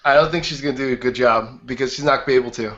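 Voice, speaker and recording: A man's voice: mid-range voice, rapid-fire, a bit bright. Blunt opinionated man, lo-fi call. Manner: blunt and opinionated, retells funny clips. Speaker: podcast co-host. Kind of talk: casual chat.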